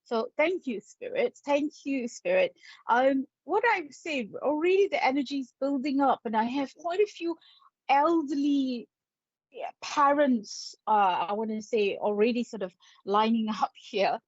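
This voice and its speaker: A woman hosting a psychic live stream, chatty and playful as she greets viewers. She talks slowly in a fairly high voice. The sound is dull and lo-fi, with a dry, close feel. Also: lively intonation, a little mellow, slightly rough, no echo. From England. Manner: chatty and playful, laughs often. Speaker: psychic medium and spirit artist.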